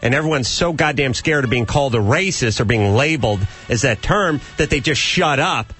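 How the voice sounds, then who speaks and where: A man's voice: mid-range voice, lively intonation, brisk, a bit bright, faint music behind. A man hosting a talk radio show from a studio, ranting emphatically with sarcastic rhetorical questions. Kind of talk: talk radio banter and rant.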